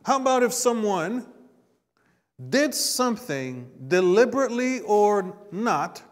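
A man preaching a sermon to a congregation. He swings between quiet asides and emphatic rises, and calls out for responses. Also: high-pitched, animated, takes it slowly. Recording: long hall reverb.

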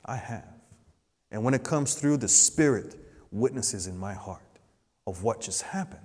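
A male pastor delivering a sermon at an unhurried pace, leaning into words. He rises to loud emphatic peaks, then drops to soft hushed asides. His voice carries a long reverb, as in a large hall. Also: medium pitch, sing-song.

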